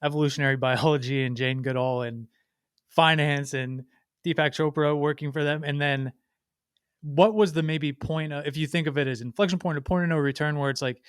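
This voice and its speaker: Smooth-voiced male podcast host. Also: fairly high pitch, fairly even intonation, brisk, no room sound, studio quality. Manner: long, winding questions with restarts. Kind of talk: conversational podcast interview.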